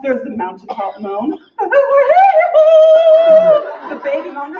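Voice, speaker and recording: A woman's voice: a little high, very noisy. A woman playing a bold, sensual woman on stage. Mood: ecstatic. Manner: slow, drawn-out, savoring delivery. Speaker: stage actor. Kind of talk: theatrical monologue on stage. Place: theatre stage, large hall. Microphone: distant audience camera. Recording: echoey hall from far off, dull.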